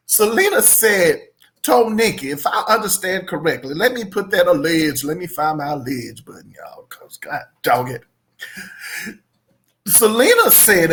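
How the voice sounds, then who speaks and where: Lady chatting on her show, slow and sing-songy, keeps laughing. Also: mid-range voice. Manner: animated, laughs often, drawn-out emphatic phrases. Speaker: podcast host. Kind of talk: casual chat.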